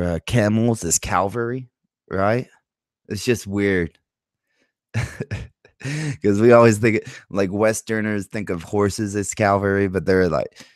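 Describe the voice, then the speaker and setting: A man's voice: fairly low pitch, darkish tone, no room sound, clean studio sound. A man hosting a livestream in casual, crude chat, swearing and laughing often. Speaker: livestream host.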